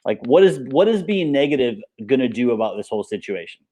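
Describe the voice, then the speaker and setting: A man being interviewed in a relaxed chat, talking in an upbeat, rambling way, full of fillers. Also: mid-range voice, quick pace. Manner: rambling and upbeat, many fillers like "like" and "you know". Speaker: interview guest, paintball coach and business owner.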